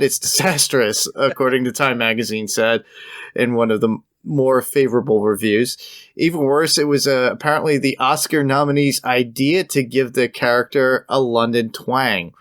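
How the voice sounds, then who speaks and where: A man's voice: mid-range voice, moderate pace, fairly bright tone. A man co-hosting a film podcast, reading trivia items aloud and adding his own asides. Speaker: podcast co-host. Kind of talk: casual film review chat.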